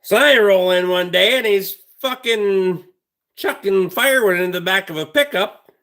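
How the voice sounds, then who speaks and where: A man's voice: sits high, normal speed, fairly bright tone. A man hosting a livestream, telling a rambling story in a blunt, heavily profane way. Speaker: livestream host.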